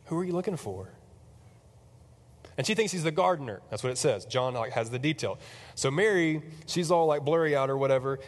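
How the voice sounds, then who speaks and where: A man telling a story in a casual sermon, chatty and animated, with lots of fillers. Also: medium pitch, big-room sound.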